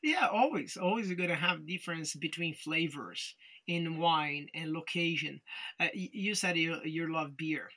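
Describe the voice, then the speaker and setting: Podcast host, short simple questions, bright voice. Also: medium pitch, moderate pace. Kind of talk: interview questions.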